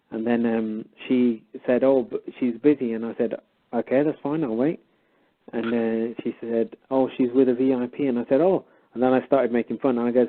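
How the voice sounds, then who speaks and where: A man's voice: mid-range voice, fairly quick. Man telling a story over a tinny line. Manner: animated retelling, acts out both sides of dialogue. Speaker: guest storyteller. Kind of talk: casual storytelling on a call.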